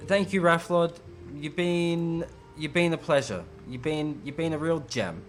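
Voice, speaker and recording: A man's voice: on the high side, unhurried, hardly any pauses, soft background music. A man hosting a let's play from a home streaming setup, making casual, joking and self-mocking commentary as he plays.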